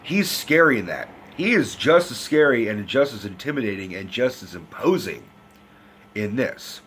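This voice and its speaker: A man from the United States giving a loud, profane, rambling movie review in a casual rant. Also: medium pitch, animated, normal speed, slight background noise. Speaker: film reviewer.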